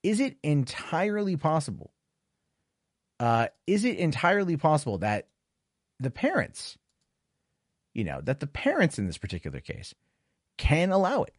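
A man hosting a casual livestream news show, sarcastic and rambling. He repeats himself, swears, and swings his pitch widely. The close, dry mic leaves no room sound. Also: wildly swooping pitch, moderate pace, long pauses, dry recording. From United States. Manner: rambling, repetitive, profane, sarcastic. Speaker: livestream host reading chat.

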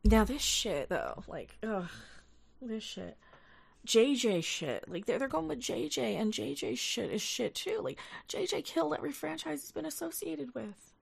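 A young woman rants through a casual livestream with an exasperated edge and a steady run of profanity. Her voice sits a little high, and she breaks off now and then to read viewer comments aloud. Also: a little slow, gravelly, husky. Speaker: livestream host.

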